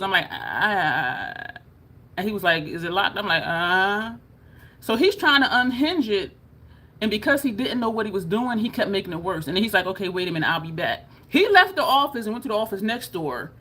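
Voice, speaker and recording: A woman's voice: medium pitch, fairly bright tone. A woman vlogging to camera in a casual, chatty way, laughing often and showing her jaw as she talks. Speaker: beauty vlogger.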